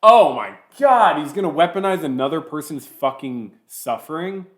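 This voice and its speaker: Male reaction commentator, sarcastic, animated up-and-down delivery. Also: a little high. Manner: sarcastic, pausing the clip to mock it.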